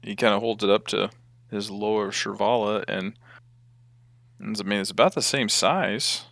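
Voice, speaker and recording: A man's voice: on the low side, fairly even intonation, moderate pace, gravelly, fairly bright tone, no room sound. A man narrating a tabletop game as game master, hesitant and full of ums.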